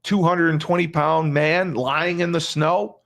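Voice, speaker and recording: A man's voice: on the high side, steady tone, measured pace, vocal fry, fairly bright tone. A male podcast host retelling a crime case in casual talk, emphatic, repeating phrases and restarting often.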